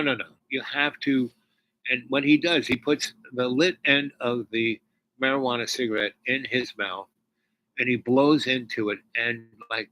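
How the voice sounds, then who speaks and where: A man telling a personal spiritual story in a rambling, halting way, with many restarts, dropping to near whispers when moved. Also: mid-range voice, sharp tone, rough recording. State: tearful near the end.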